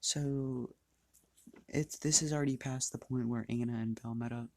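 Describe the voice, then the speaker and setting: A man's voice: mid-range voice, steady tone, normal speed, vocal fry, a little mellow, dry recording. A man casually narrating a fan-made story, rambling, restarting lines and swearing freely.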